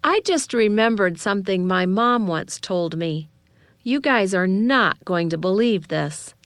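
Excited conspiratorial teen girl read by a woman; smooth, unhurried, dry. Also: medium pitch, no room sound, lightly acted. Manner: eager, conspiratorial.

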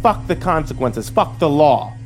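A man puts on a villainous sheriff for a horror story, his voice pitched well above his own and pushed out louder. The sheriff drawls and sneers, mocking with cold cruelty. Soft music plays beneath. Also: expressive, normal speed, natural voice. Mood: menacing.

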